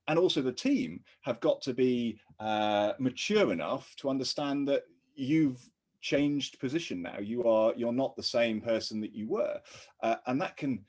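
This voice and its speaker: A man's voice: medium pitch, a little mellow, breathy edge. A man co-hosting a podcast, explaining workplace leadership in an earnest, easygoing way that breaks into laughter. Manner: earnest, laughs easily, lots of restarts. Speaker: podcast co-host, ex-army officer. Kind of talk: casual conversational explanation.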